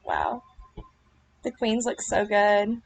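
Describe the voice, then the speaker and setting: A woman giving casual reaction commentary on a video, gushing and earnest, with lots of fillers and quick apologies. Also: on the high side, fairly bright tone, a little hiss or hum. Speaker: vlogger reacting to her club's riding routine.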